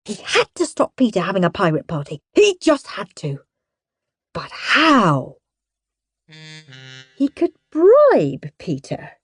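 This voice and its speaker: A woman narrating a children's audiobook in a playful, expressive way. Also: mid-range voice, slow pace, pauses often, breathy edge, no room sound, studio quality. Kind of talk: scripted narration.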